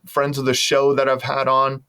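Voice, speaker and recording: A man's voice: mid-range voice, completely flat delivery, normal speed, pushed and bright, clean tone. A man hosting a podcast, talking in a rambling, enthusiastic way full of restarts. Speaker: podcast host. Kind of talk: casual interview chat.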